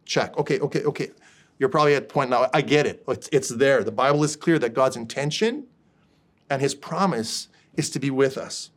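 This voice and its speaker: A male pastor preaching in a relaxed, conversational way. He keeps checking that his listeners are following him, mixing scripture with everyday stories. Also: mid-range voice, brisk. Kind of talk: sermon.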